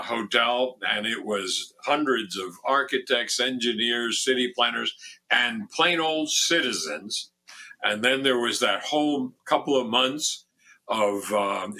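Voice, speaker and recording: Guesting on a radio interview, this former foundation president from Miami is an older man who spins stories with animation. His voice is bright, husky and mid-range, and he keeps restarting sentences and raising his voice when quoting people.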